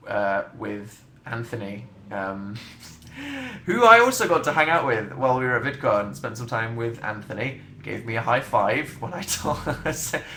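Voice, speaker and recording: A man's voice: medium pitch, sharp tone, a little hiss or hum. Dry, chatty young man in an echoey room. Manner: chatty, dry and self-mocking, hums to himself. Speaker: livestream host. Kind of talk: casual livestream chat reading viewer comments.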